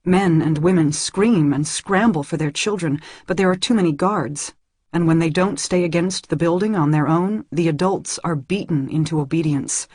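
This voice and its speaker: A woman's voice: fairly low pitch, darkish tone, husky, no echo, clean studio sound. A woman reading a first-person novel aloud in an earnest way that rises when the story grows tense. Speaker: audiobook reader.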